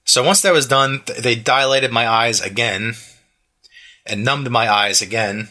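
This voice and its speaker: Bright-voiced man in his thirties rambling. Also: mid-range voice, measured pace. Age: 30s. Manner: rambling storyteller, many fillers and restarts, acts out quotes. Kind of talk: casual chat.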